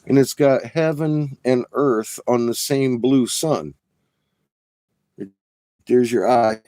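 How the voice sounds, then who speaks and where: A middle-aged man rambling excitedly and profanely in a casual monologue, showing off rocks from inside an RV. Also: medium pitch, slow, dry recording.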